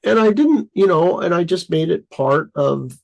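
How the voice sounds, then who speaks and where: A man in casual conversation, rambling with lots of fillers and excitedly acting out his own thoughts. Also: sits high, normal speed, gravelly, poor audio.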